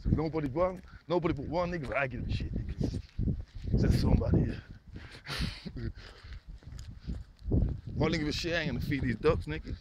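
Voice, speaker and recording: A man's voice: a little high, moderate pace, pauses often. A man vlogging by a lake, chatting in a laid-back, repetitive way and talking to the birds. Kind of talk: casual chat to camera. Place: outdoors by a lake. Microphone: phone. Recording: noisy outdoor phone recording.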